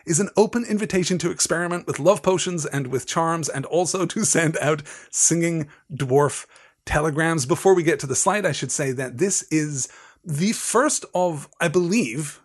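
A man giving a literary lecture with slides, animated and analytical, with frequent digressions. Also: fairly high pitch. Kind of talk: literary lecture with slides and read-aloud passages.

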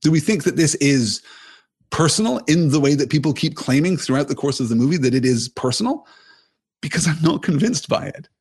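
A man giving a thoughtful film analysis, often rephrasing himself mid-sentence and stressing key points with lively emphasis. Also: fairly high pitch, brisk, husky. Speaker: film commentator.

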